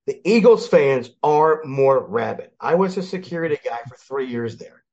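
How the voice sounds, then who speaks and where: An older man from Philadelphia, a guest in a casual sports chat, telling lively stories and acting out the people in them. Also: medium pitch, moderate pace. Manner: animated storyteller, acts out quoted voices. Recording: dull lo-fi audio.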